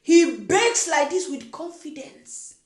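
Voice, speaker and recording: A woman's voice: high-pitched, lively intonation, slow pace, roomy sound. A woman hosting a reaction video, giving indignant, mocking commentary and repeating her points as she scolds.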